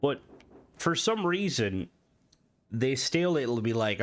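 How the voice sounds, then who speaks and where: A man's voice: mid-range voice, sing-song, normal speed, fairly bright tone. A man with a nasal, stuffy voice from hay fever, thinking aloud as he comments on a game. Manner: rambling, thinking aloud with restarts. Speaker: gaming video host. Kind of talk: casual gameplay commentary.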